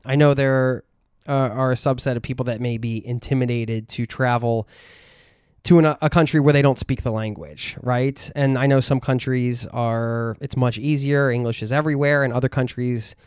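A man's voice: medium pitch, darkish tone, smooth, no room sound, clean studio sound. Easygoing male podcast host. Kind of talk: casual travel chat.

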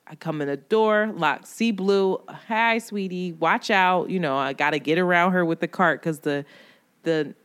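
A woman's voice: low-pitched, normal speed, smooth. A woman co-hosting a casual chat podcast. She tells stories with lots of energy, swears freely and laughs often. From New York. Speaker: podcast co-host.

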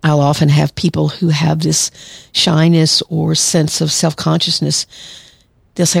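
A woman's voice: deep voice, flat delivery, normal speed, creaky, husky, dry recording, studio quality. A woman therapist hosting a solo podcast, talking conversationally and acting out quoted lines. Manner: conversational, acts out quoted lines, laughs lightly. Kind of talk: solo podcast advice talk.

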